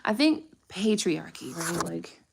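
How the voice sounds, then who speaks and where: A young woman chats casually on a live tarot stream. She sounds candid and slangy and swears freely. Her voice sits fairly low for a woman. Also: big pitch swings, slow pace, creaky, slight background noise. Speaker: tarot reader.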